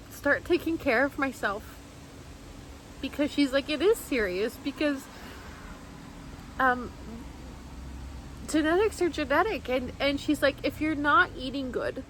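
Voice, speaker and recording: A woman speaks candidly to camera in a fairly high voice, circling back on herself with lots of "like" as she tells a heartfelt story. A faint hum of noise sits behind her. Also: a bit bright, poor audio. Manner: rambling, heartfelt, heavy use of "like" and restarts. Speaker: vlogger.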